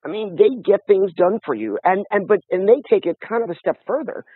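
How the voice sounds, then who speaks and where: A man with a high, husky voice tells lively stories in casual conversation, often starting over mid-sentence. The sound is tinny and phone-like and very dry. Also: fairly quick, dry recording. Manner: animated storytelling with many restarts. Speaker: guest.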